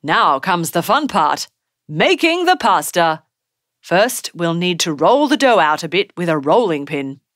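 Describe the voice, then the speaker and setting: A woman's voice: lowish voice, very animated, unhurried, a bit bright, no room sound, clean studio sound. A woman voicing a cheerful, encouraging dad who is teaching his young son. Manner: encouraging, praising.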